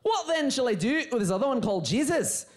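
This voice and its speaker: A preacher playing the Roman governor Pilate with a mock Scottish accent, calling out theatrical, loud questions to a live audience in a church hall. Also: high-pitched, sing-song, quick pace, voice pushed up. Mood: grand. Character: Roman governor Pilate, man, playful and grand. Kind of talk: sermon re-enactment.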